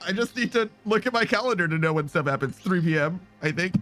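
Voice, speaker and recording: A man's voice: high-pitched, expressive, fast talker, a bit bright, soft background music. A man streaming a game in casual chat, reading messages aloud, rambling, swearing often and laughing a lot.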